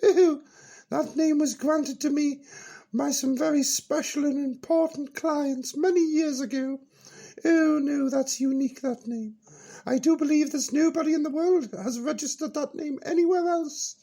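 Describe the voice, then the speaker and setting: A man's voice: very high voice, unhurried, mellow, pitched above the performer's own voice. A man putting on a giggly, grand older lady. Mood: giddy. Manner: swooping, giggly, many "oh, yes". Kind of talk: comic radio character bit.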